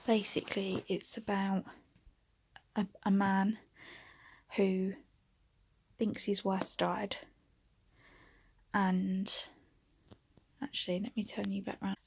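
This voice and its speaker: A woman's voice: medium pitch, level tone, takes it slowly, vocal fry, pauses often, slight background noise. A young woman vlogging at home, out of breath, chatting casually and often dropping into a whisper. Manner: coos softly to her cat. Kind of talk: casual vlog chat.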